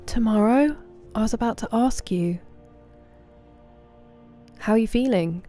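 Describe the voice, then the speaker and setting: Mellow-voiced woman chatting on stream. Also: on the high side, animated, slow, faint music behind. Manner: chatty, greets and thanks viewers by name, drops to soft murmurs. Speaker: game streamer. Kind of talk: casual livestream chat.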